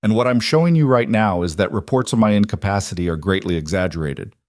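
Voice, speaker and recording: A man's voice: fairly low pitch, quick pace, no room sound, natural voice. Male narrator as cold mafia boss, controlled, clipped lines.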